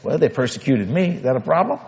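A man voicing God speaking in a low, quiet, unhurried way. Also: sing-song, rough recording. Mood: gentle. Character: God speaking gently, calm and patient.

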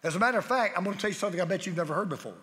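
Emphatic high-voiced preacher in a reverberant hall. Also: male voice, racing, fairly bright tone. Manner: emphatic, repetitive preaching cadence. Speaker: pastor. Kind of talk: sermon.

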